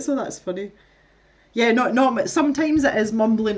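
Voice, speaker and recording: Brief: woman, craft livestream host, mid-pitched, chatty and giggly storyteller. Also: normal speed, a little mellow. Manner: chatty storyteller, laughs often, reads chat aloud. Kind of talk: casual chat while crafting.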